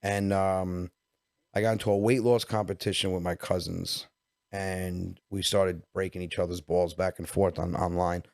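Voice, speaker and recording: A man in his forties with a New York Italian-American accent, a comedian telling stories as a podcast guest, animated and quick, acting out dialogue. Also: sits low, creaky, no echo, clean studio sound. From Westchester, New York. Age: 40s. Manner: animated storyteller, quick bursts, acts out dialogue. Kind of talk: casual podcast storytelling.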